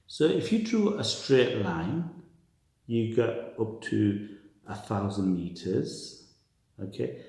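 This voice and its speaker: A man's voice: fairly low pitch, vocal fry, dark tone. A man tutoring a maths lesson, reasoning aloud step by step and repeating key words. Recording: very echoey room.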